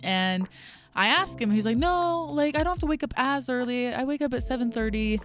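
A young woman in her twenties telling a long story in casual chat, animated, full of "like", acting out what people said. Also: a little high, fairly quick, faint music behind. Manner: animated, lots of "like", acts out quotes. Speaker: guest. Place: a bar or restaurant.

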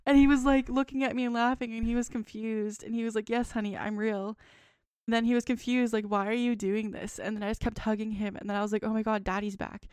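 A woman's voice: a little high, steady tone, fast, hardly any pauses, darkish tone, smooth, dry recording. A woman in her twenties in casual podcast chat, reading out a long dream journal in a rambling way, full of "like". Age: 20s. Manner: rambling, frequent "like" fillers. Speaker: podcast co-host.

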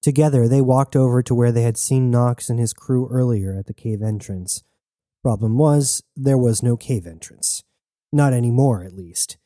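Dark-voiced male audiobook narrator. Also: mid-range voice, normal speed, no room sound, studio quality. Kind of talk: scripted narration.

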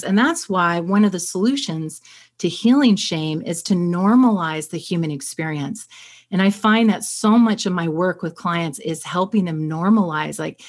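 A woman therapist explaining ideas in conversation, steady and clear, acting out quick examples. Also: lowish voice.

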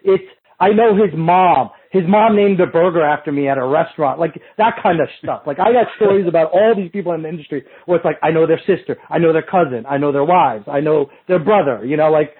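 Over a tinny, phone-like line, a fitness industry coach guesting on a show tells casual, profane, rambling stories and voices both sides of old exchanges. His voice is fairly high, slightly rough, and a little fast.

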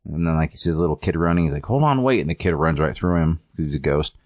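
A man with an extremely low, deep voice walks through a comic plot on a casual podcast. He talks in a halting way, with many ums and likes. The recording is dry and close. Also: level tone, a little mellow, no echo. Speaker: podcast co-host reviewing comics. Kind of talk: casual chat recapping a story.

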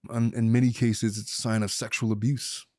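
A man's voice: mid-range voice, flat delivery, moderate pace, darkish tone, dry recording. Chatty joking man, dry close sound. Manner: joking, chatty, many restarts. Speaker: podcast co-host. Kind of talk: casual chat.

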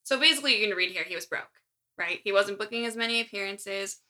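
A woman co-hosting a podcast recounts a story from her notes in a casual chat, adding wry asides. Her voice is mid-range, bright and forceful, and she talks quickly.

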